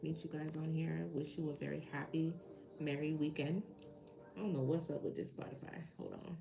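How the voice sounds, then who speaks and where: A woman's voice: low-pitched, steady tone, normal speed, gravelly. A tired woman hosting a live tarot reading, chatting casually and rambling as she talks to her viewers. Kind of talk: casual live-stream chat.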